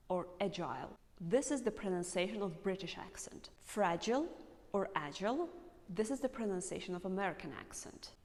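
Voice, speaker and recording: A woman English teacher explaining pronunciation to learners, speaking slowly and carefully and repeating example words. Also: medium pitch, long reverb tail.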